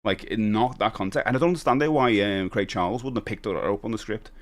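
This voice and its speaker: A middle-aged man from Liverpool with a Scouse accent, chatting in a rambling way while live-streaming a retro game and giving upbeat shout-outs to viewers. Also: fairly low pitch, fast. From Liverpool, England. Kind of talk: casual live-stream chat.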